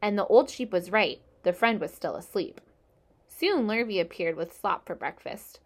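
A woman narrating a children's storybook in a gentle, expressive way. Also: mid-range voice, normal speed. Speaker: reader.

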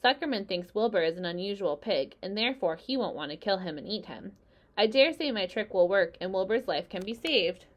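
A woman voicing a calm, clever female spider who leads a meeting, speaking in a crisp, dry and slightly stern way. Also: mid-range voice, fairly quick, natural voice. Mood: brisk.

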